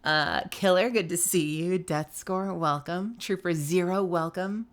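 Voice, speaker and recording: A young woman on a live stream, her voice sitting a little low in her range. She is sick and coughing but keeps up a casual, chatty stream of greetings to viewers. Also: measured pace. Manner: chatty, greeting chat by name, laughing often.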